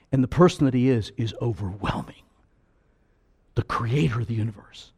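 A man preaching a sermon with fervor, swelling loud on key phrases and dropping low again. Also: moderate pace, pauses often, breathy edge.

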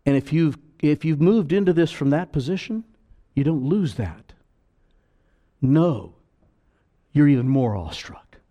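Male preacher, fervent sermon delivery, very animated pitch. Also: measured pace, long pauses. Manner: fervent, swelling loud on key phrases then dropping low.

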